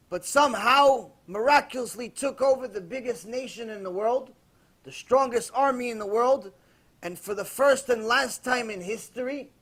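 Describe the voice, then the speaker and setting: A man's voice: extremely high pitch, husky. A man preaching as a rabbi, telling a story in a sermon and acting out the people in it. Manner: animated, acts out the quoted characters in his story.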